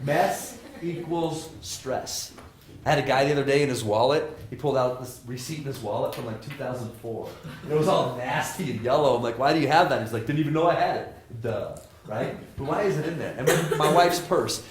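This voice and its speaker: A man, a professor, giving a lively motivational talk to students, joking and asking the audience questions. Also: mid-range voice, slight background noise. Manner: animated, jokey, asks the audience questions. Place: lecture hall with audience. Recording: roomy hall sound.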